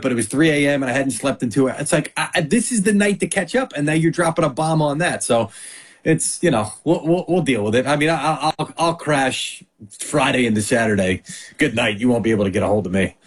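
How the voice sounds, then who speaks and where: A man who is a guest on a sports show, telling animated stories in casual chat and acting out quotes. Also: a little high, husky. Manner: animated storyteller, acts out quotes.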